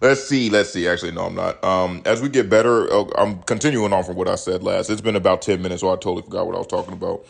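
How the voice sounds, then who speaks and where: A man's voice: sits low, fairly even intonation, quick pace, gravelly, few pauses. A man in his thirties hosting a solo podcast, swearing freely as he rambles and reads news stories aloud with his own takes. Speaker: podcast host. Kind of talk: casual solo podcast commentary.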